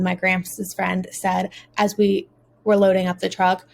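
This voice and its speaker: A woman's voice: lowish voice, flat delivery, unhurried, creaky. A woman narrating a first-person audiobook as a teenage boy, earnest and emotional.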